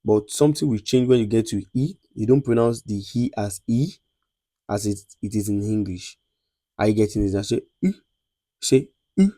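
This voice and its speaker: A man with a Nigerian accent teaching a beginners' lesson, repeating sounds slowly and checking that students follow. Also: lowish voice, warm tone, dry recording. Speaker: lecturer. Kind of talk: classroom lesson on French letters.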